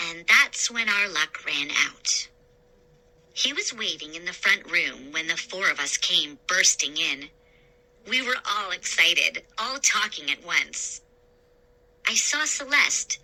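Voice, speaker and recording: A woman narrating a spooky children's story aloud in a slow, expressive reading. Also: lowish voice, low-quality recording. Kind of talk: scary story read-aloud.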